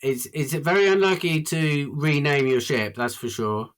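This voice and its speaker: A man talking casually as a podcast guest, halting and repeating words, laughing easily. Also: fairly high pitch. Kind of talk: casual chat.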